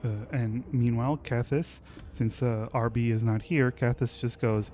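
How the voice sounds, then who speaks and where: A man running a tabletop game, describing the scene in a relaxed, hesitant way. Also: mid-range voice, measured pace, hardly any pauses, soft background music. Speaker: game master.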